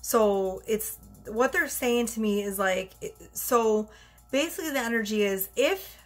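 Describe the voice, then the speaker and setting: With soft music in the background, a woman with a slightly high voice gives a casual tarot reading at a measured pace. She is chatty and rambling, self-correcting, and a little out of breath.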